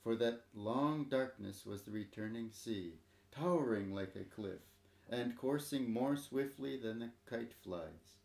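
A man narrating a story in a measured, dramatic reading. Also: medium pitch, creaky, a little mellow, roomy sound.

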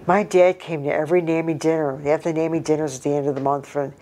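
A woman's voice: low-pitched, steady tone, fast, warm tone. Rambling woman telling corny jokes. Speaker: interviewee. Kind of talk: casual chat.

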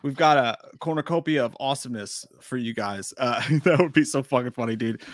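A man's voice: medium pitch, a little fast. A man co-hosting a casual livestream, laid-back and jokey, swearing freely. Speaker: livestream co-host.

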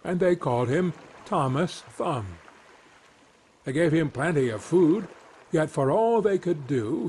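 A man reading a fairy tale aloud as a gentle, measured bedtime story. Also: medium pitch, a little hiss or hum.

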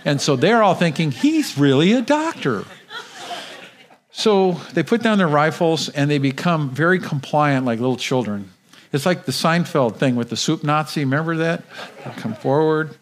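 A man speaking as a guest at a church service, telling a dramatic personal story in a lively, vivid way and often repeating words as he goes. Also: a little high, moderate pace.

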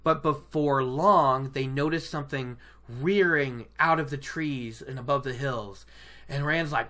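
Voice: medium pitch, unhurried, pushed and bright. A podcast host retelling a fantasy novel chapter in a casual, enthusiastic, rambling way, laughing often. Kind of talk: casual book-discussion podcast.

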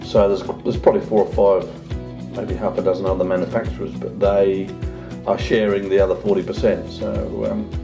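A man's voice: flat delivery, moderate pace, creaky, few pauses, music in the background. A man talking casually through a home vlog, unboxing a drone and chatting as he goes. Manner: chatty, talks to his dog in a high singsong voice. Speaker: vlogger.

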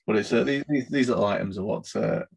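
A man's voice: on the low side, wildly swooping pitch, fast talker, vocal fry, breathy edge. A man hosting a casual interview on a video call, talking hesitantly with many repeated words and laughing at himself. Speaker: interviewer, collectors group host.

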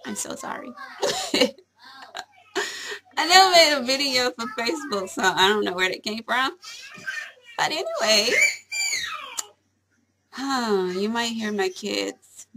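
A young woman talks casually to her camera at home, giggling and rambling through her asides. Her voice sits a little high, swoops around a lot, and has a gravelly fry at its edges. She takes her time over every sentence. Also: animated, measured pace, pauses often, background noise. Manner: giggly, chatty, rambling with fillers. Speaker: vlogger.

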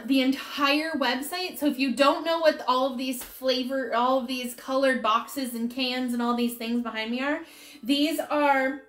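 A woman's voice: high voice, a bit bright. Tearful chatty woman in an echoey office. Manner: chatty, emotional, laughing through tears. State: tearful, fighting back crying. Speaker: live-streaming seller. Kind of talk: casual live stream chat. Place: her office. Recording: echoey room.

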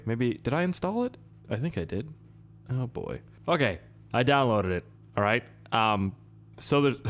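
Into a desk mic, a young Canadian man hosting a gaming video gives casual, excitable commentary over his gameplay. His pitch swings wildly from squeaky shouts to low muttered asides, and he rambles and swears freely in an easy, chatty flow.

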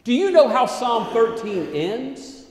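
A male pastor delivers a sermon in a church sanctuary, his voice high and full of rise and fall. He moves slowly and deliberately, swinging between loud declaiming and hushed asides. The room rings with a long, echoing reverb. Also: sing-song.

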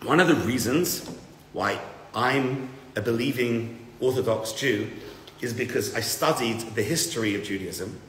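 Guy teaching a class, super animated, loud bits then quiet asides, bright voice, echoey hall. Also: unhurried, a little hiss or hum. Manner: animated, swings from loud emphatic bursts to low asides. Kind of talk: lively lecture to a live group. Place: large room with an audience. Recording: roomy hall with long reverb.

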